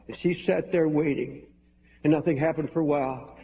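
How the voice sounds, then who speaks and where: A man's voice: fairly high pitch, fairly even intonation, normal speed, warm tone, slight background noise. A man preaching a sermon as pastor, earnest and pleading, with emphatic repetition, recorded live in a large church hall. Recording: live sermon in a reverberant hall, faint music.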